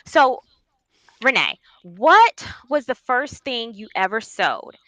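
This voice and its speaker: A woman with a Bronx accent hosting a live-stream interview, excitable and laughing often. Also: fairly high pitch, takes it slowly, dry recording, rough recording. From the Bronx, New York. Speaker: interview host.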